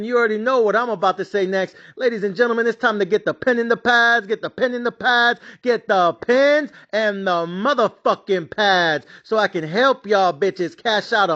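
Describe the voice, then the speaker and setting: A man hosting a sports betting podcast, ranting in a loud, brash, profanity-filled style and repeating his catchphrases. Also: high-pitched. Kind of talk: profane hyped podcast rant. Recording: dull lo-fi audio.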